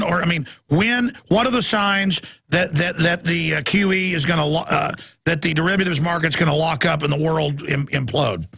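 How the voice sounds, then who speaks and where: A gravelly man with a rough, husky voice hosts a talk radio show. He talks forcefully and rambles, restarting his sentences often. The sound is close and dry. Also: on the high side, moderate pace, no echo.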